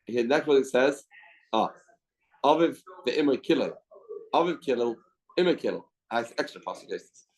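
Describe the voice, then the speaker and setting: A man's voice: medium pitch, animated, a little fast, a little hiss or hum, rough recording. A man teaching a Talmud class as a rabbi, reasoning aloud and repeating his key questions. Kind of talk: Talmud study lecture. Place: study hall.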